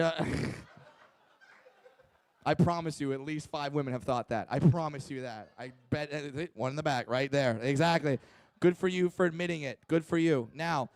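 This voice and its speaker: Brash stand-up comic, a man with a high, gravelly voice and a dry close sound. Works the crowd, crude punchlines. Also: no room sound. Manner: brash, profane, loud punchlines, teasing the audience; mimics others in higher voices. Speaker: stand-up comedian. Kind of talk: live stand-up and crowd work.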